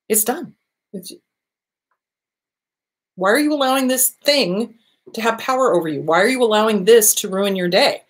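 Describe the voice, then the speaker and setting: A woman's voice: mid-range voice, moderate pace, pauses often. A middle-aged woman therapist hosting an advice talk, speaking casually and animatedly, acting out little voices and gasps to make her points. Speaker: therapist and show host.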